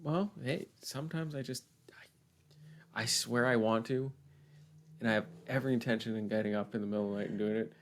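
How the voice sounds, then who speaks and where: A man's voice: mid-range voice, steady tone, brisk, pauses often. A man co-hosting a casual podcast chat with his partner, laid-back and teasing, rambling as he talks. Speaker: co-host, host's partner.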